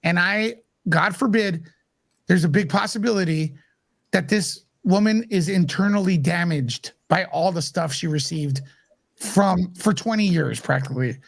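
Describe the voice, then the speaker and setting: A man hosting a casual livestream chat, blunt and joking, quick to mock. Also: high voice, creaky, no echo. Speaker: show host.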